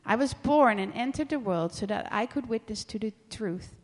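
A woman voicing a calm, steady man on trial in a scripture reading, speaking in a measured way. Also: fairly high pitch, big-room sound, voice pushed up.

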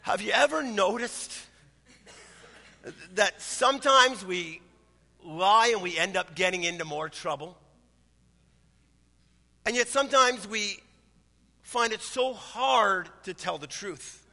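A man's voice: sits high, lively intonation, slow, long pauses, bright, forceful tone, long reverb tail. A man in his thirties, a pastor preaching a sermon in a conversational, storytelling way. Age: 30s.

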